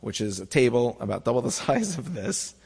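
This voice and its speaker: A man, a rabbi, telling a comic story to an audience in an animated way, with quick restarts and acted-out asides. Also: mid-range voice, gravelly, breathy edge. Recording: echoey hall.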